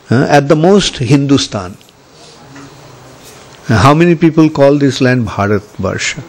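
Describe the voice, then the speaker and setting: Older man, spiritual lecturer, slow deliberate delivery, mid-pitched, frequent pauses. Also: darkish tone. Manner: slow, measured, many pauses and fillers. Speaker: spiritual teacher. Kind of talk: scripture lecture. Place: Ujjain, India.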